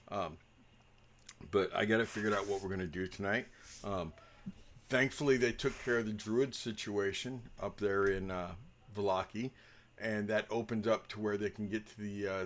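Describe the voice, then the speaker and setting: A man's voice: fairly low pitch, a bit bright, slight background noise. A man talking casually as dungeon master before a tabletop game, rambling and joking with lots of ums.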